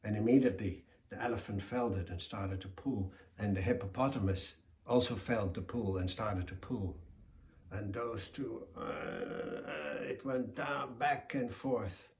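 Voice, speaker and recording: A man telling a folk tale in a slow, deliberate, expressive way. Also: on the low side, gravelly. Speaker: storyteller. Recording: echoey room.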